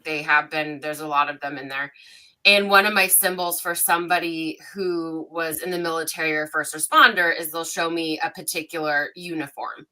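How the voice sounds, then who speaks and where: A woman's voice: sits low, moderate pace. A woman psychic medium telling stories casually on a livestream panel, acting out dialogue in a rising voice. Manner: animated, acts out dialogue with rising voice.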